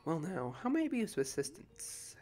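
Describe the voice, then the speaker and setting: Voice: mid-range voice, very animated, normal speed, warm tone, close to an everyday voice. A proud, prim female owl from a video game, insisting on her dignity in a lifted, careful voice as a player puts her on. Faint game music plays underneath. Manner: dignified, indignant politeness. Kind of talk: reading game dialogue aloud in a put-on voice.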